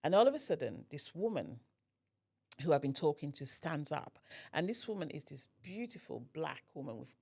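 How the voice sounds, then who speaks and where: A woman's voice: deep voice, moderate pace, gravelly, husky. A woman guest on a podcast telling a personal story and acting out the dialogue. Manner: animated, acts out quoted dialogue.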